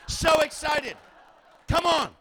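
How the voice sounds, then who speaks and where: A man preaching a sermon, telling a story dramatically and acting out the people in it, sometimes shouting. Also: extremely high pitch, slow pace, creaky, some chatter behind. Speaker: pastor.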